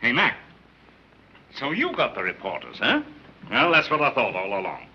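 A mocking police commissioner. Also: male voice, mid-range voice, wildly swooping pitch, normal speed, pushed and bright, full character voice. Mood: sarcastic. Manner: dry, mocking. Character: sarcastic middle-aged police commissioner. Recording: dull 1930s film soundtrack with hiss.

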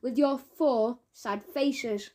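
A woman doing a shrill tattletale schoolboy. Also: extremely slow. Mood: smug. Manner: shouty and whiny.

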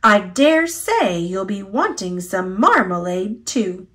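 A woman voicing a brisk, fierce older housekeeper in a storybook, stern but fond. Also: mid-range voice, very animated, a bit bright.

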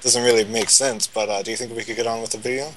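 A man's voice: medium pitch, steady tone, quick pace, noisy background. A man gaming with friends in casual banter, bossy and laughing often. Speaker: game commentator.

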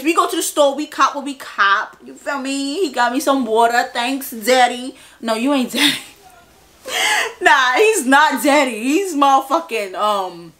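Brief: young woman, high voice, loose slangy storytime delivery full of swearing. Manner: animated, profane, slangy storytelling. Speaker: vlogger. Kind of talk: storytime vlog.

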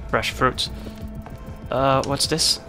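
A man's voice: medium pitch, fairly even intonation, slow, music in the background. A man giving casual let's-play commentary, thinking aloud with lots of fillers and mild exasperation.

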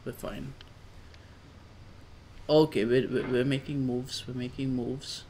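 Gravelly man coaxing through a game. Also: medium pitch, unhurried, long pauses, a little mellow. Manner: coaxing the character in repeated pleading phrases. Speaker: gamer. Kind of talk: casual let's play commentary.

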